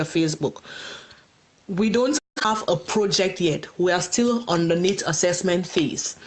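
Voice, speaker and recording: A woman hosting a livestream for a community group, explaining things patiently and reading viewer questions aloud. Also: fairly low pitch. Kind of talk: live Q&A on a Facebook stream.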